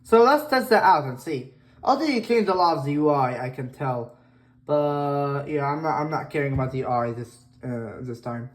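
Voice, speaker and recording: A woman from Egypt, giving casual, hesitant reaction commentary with many pauses. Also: low voice, expressive. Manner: hesitant, many fillers and restarts. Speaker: YouTuber.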